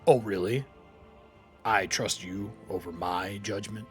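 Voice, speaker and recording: A man voicing a suspicious companion who judges people by smell, speaking slowly, quietly and bluntly. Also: mid-range voice, lively intonation, soft background music, pitched below the performer's own voice, close to an everyday voice.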